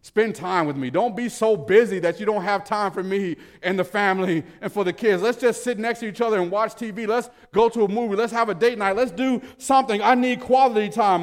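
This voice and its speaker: A male pastor preaching a sermon in a church, animated, swinging between loud emphasis and soft low asides. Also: fairly quick, hardly any pauses. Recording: reverberant church hall.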